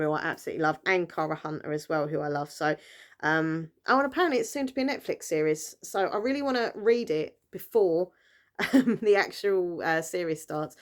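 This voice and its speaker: A British woman chatting casually on her vlog, rambling along with lots of fillers and self-corrections. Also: on the low side. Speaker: book vlogger. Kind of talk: casual chat.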